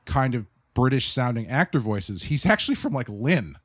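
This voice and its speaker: A man co-hosting a podcast, telling relaxed anecdotes about films with lots of fillers. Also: medium pitch, normal speed, dry recording, clean studio sound. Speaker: podcast co-host. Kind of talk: casual film discussion.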